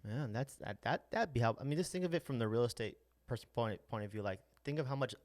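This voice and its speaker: A man's voice: medium pitch, quick pace, a little mellow, dry recording. A man hosting a casual podcast as a real estate agent, talking loosely with many restarts and tag questions. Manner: loose, rambling, lots of restarts and "right?".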